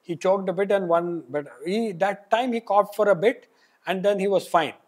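A man, a pulmonologist, recounts patient stories in a lively, chatty way, his slightly high voice breaking into laughter as he goes. The talk is a relaxed interview. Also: moderate pace. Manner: animated, laughs while telling anecdotes. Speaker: pulmonologist guest. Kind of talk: casual interview storytelling.

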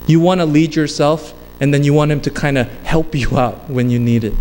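A man's voice: on the high side, fairly even intonation, brisk, hardly any pauses, a little mellow. A male pastor preaching a sermon, emphatic and repetitive, slipping into casual storytelling asides. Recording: long hall reverb with faint background noise.

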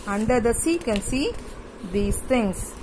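A woman teaching young children from a workbook, going slowly, repeating words and spelling them out letter by letter. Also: a little high, animated, noisy background. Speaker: primary school teacher. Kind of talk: classroom lesson, explaining a workbook page.

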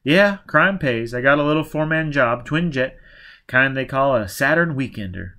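A man reading an audiobook, voicing a nervous retired crook who talks in a gruff, blustering way. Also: mid-range voice, animated, normal speed, pushed and bright, pitched above the performer's own voice.

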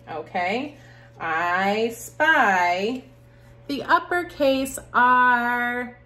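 A woman teaching preschoolers in a video lesson, slow and sing-song, climbing high on rhymes and praise. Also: fairly bright tone. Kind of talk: video lesson for young children. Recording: echoey room, faint hum.

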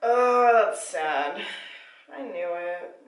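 A woman book vlogger talks casually and expressively about a novel she is reading, recapping the story in a chatty way. Her voice sits at a middle pitch. The room around her is echoey. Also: animated, drawn-out words. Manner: chatty recap, breaking into laughs and pained outbursts while reading. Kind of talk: casual reading vlog chat.

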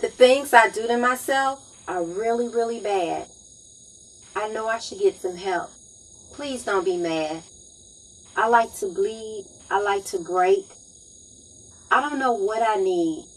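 A woman's voice: mid-range voice, lively intonation, slow pace, long pauses, slight background noise. An actress performing dramatic poems as an abused young woman, with a raw, pleading delivery. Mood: bleak. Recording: echoey room.

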